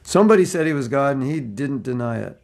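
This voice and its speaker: Older male teacher, raspy edge, anecdotal, mid-pitched and chuckling. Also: expressive, fast, darkish tone. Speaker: spiritual teacher. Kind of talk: casual religious class.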